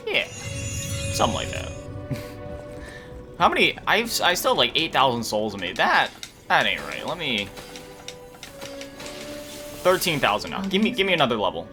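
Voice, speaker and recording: A tired gaming YouTuber chats casually through a let's-play, yawning and laughing often in a self-deprecating way while game music plays behind him. His medium-pitched voice swoops wildly, and he keeps a measured pace with frequent pauses.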